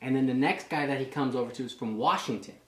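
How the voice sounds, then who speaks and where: A man's voice: mid-range voice, fast talker. Laughing, profane young man in an echoey gym. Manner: profane, laughing, full of fillers, acts out drill instructors. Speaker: fitness vlogger and reservist. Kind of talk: casual storytelling chat. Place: gym, indoors.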